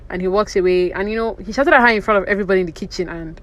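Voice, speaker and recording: Speaking very fast in a medium-pitched, fairly bright voice, a woman vlogger gives a chatty, opinionated recap of reality TV. Her lines are full of "you know" and "like," and the recording's highs are cut off.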